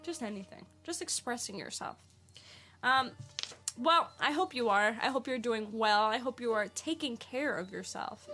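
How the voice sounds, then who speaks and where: A woman's voice: a little high, a bit bright. A woman hosting a spiritual podcast, rambling with lots of fillers and firing questions at her listeners. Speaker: podcast host. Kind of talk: casual spiritual podcast monologue.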